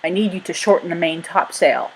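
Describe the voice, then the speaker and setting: Lady doing a bossy loud governor guy, yells orders at his crew, storybook reading. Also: lowish voice, brisk, slightly rough, poor audio. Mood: angry shouting. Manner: bellowing, barking orders. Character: blustering tyrannical male ship governor.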